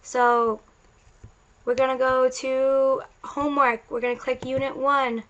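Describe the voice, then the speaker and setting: A woman's voice: high-pitched, little pitch movement, measured pace, highs cut off. A woman science teacher giving a casual recorded lecture, explaining chatty and loose with frequent restarts.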